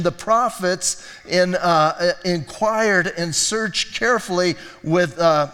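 A male pastor preaching a sermon in a relaxed, conversational way, telling stories with asides and restarts. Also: sits high, big-room sound. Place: church sanctuary.

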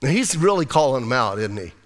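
Animated pastor in an echoing hall. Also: male voice, mid-range voice, fast. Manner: animated, jokey, slips into voiced characters. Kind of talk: casual sermon with acted-out Bible scenes. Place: church sanctuary. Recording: long hall reverb.

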